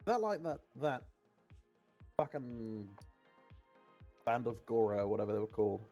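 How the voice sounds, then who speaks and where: A man's voice: medium pitch, big pitch swings, moderate pace, mellow, muffled recording, soft background music. Laid-back man chatting in character. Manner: laid-back, asks questions. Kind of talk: in-character role-play chat.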